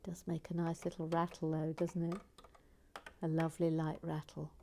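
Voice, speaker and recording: A middle-aged woman chatting wryly as she builds and reads out viewer comments, often dropping into soft, half-whispered muttering. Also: low voice, completely flat delivery, normal speed, slight background noise. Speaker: LEGO building channel host.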